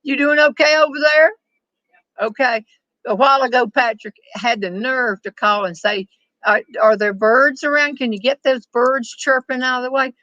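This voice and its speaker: An older woman, chatting and storytelling on a back porch, wry and quick to laugh. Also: high-pitched, fairly even intonation, bright, forceful tone, no room sound, lo-fi sound. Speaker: storyteller host reading viewer questions. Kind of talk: casual chat with a friend.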